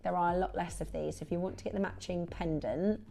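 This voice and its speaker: A woman presenting a live shopping show, chatty and excitable, with quick asides and repeated exclamations. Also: lowish voice, vocal fry. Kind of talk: live sales chat.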